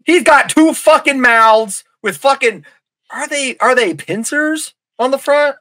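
A young man chatting on a podcast, swearing freely and cracking jokes. His voice swings widely in pitch with a bright, forceful edge. He slips into goofy voices to act out movie moments. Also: expressive, unhurried. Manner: joking, crude, acts out scenes in silly voices. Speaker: podcast co-host. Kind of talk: casual comedic chat.

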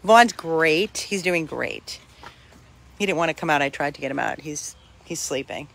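An older dog rescuer chatting at home while playing with a puppy, breaking into high coaxing calls to the dog. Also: moderate pace, creaky, a bit bright. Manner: talks to the dog in high coaxing calls between plain remarks. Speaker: dog rescuer showing a dog for adoption. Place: home with a dog, in hot weather.

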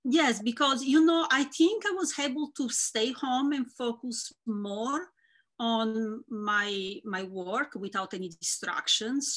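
A middle-aged woman from Italy with a thick Italian accent, chatting as an interview guest about her work and life. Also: medium pitch. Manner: thick accent, animated storytelling. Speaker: guest, Instagram content creator. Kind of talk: casual interview chat.

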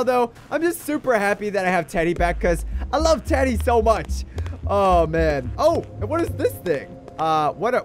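A young man doing goofy, excitable game commentary, talking to his teddy bear as he plays. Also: extremely high pitch. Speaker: gaming YouTuber.

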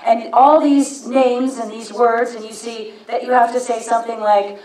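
A woman with a somewhat high voice talks at length about her work in a wry, chatty way. She is heard in an echoey hall, some distance from the mic. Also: steady tone, unhurried, few pauses, darkish tone. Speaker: voice actress on a convention panel. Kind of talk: casual anecdote to a crowd. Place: convention panel room.

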